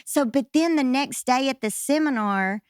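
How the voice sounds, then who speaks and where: Animated woman host telling a story. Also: high-pitched, moderate pace, clear, resonant tone, no echo, clean studio sound. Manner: animated, rambling anecdotes with self-deprecating laughs. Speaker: podcast host. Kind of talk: casual storytelling conversation.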